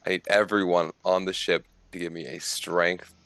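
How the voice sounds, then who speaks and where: A man narrating a tabletop game as game master, in a relaxed, conversational way with occasional fillers. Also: low-pitched, moderate pace, creaky, clean tone, no echo.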